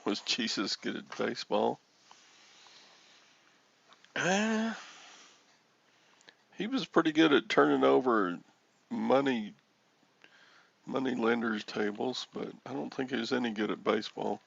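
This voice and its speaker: A man's voice: medium pitch, moderate pace, gravelly, lo-fi sound. A man in his sixties hosting a reseller livestream, rambling and joking as he answers chat comments. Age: 60s.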